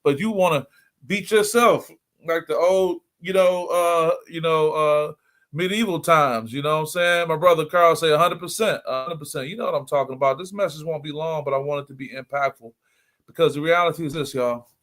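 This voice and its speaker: A man's voice: a little high, brisk, a bit bright. A middle-aged man hosting a motivational livestream, speaking earnestly and repeating key points for emphasis. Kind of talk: motivational talk.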